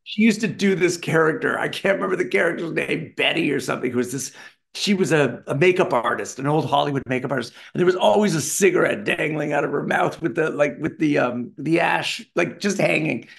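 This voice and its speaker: Middle-aged Canadian man, gravelly, lively anecdotal interview guest. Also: on the high side, a little fast. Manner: animated, does voices of people in his stories. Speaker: voice actor guest.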